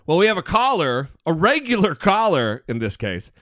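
A man's voice: high-pitched, very animated, moderate pace, a bit bright, no room sound, clean studio sound. A man hosting a podcast, in blunt, profane and teasing casual political chat. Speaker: podcast host.

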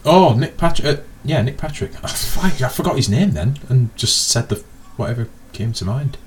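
A man's voice: mid-range voice, lively intonation, normal speed, slight background noise. A man co-hosting a podcast in casual chat, making dry joking asides. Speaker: podcast co-host.

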